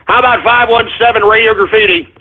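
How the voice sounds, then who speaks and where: A man hosting a comedic call-in radio show, theatrical and exasperated, with mock whining and shouting. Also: high voice, fairly even intonation, fast, slightly rough. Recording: tinny lo-fi broadcast.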